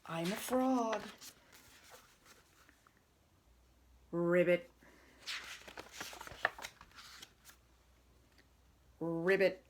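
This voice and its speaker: A woman's voice: fairly low pitch, takes it slowly, very noisy. A woman voicing a cheerful little pig girl who pretends to be a frog, reading from a picture book. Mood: playful.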